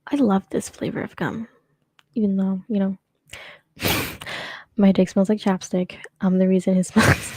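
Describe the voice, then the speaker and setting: A young adult woman hosts her own show in a casual solo chat, rambling with plenty of fillers and restarts. Her mid-range voice is flat and slightly mellow, a bit slow, with frequent pauses and no echo.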